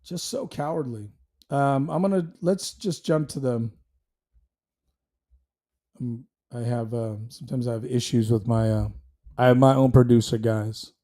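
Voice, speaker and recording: A man's voice: medium pitch, a little slow, long pauses, warm tone. A man hosting his own commentary show, talking bluntly and heatedly, rambling with restarts and fillers. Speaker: show host. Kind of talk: casual commentary stream.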